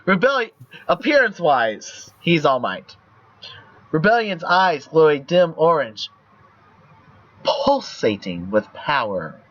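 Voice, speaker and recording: Brief: young male streamer, slightly higher voice, casual and profane, dull lo-fi mic. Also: big pitch swings, slow, long pauses, fairly bright tone. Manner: loose and profane, reads story text aloud. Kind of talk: casual let's-play reading of a text game.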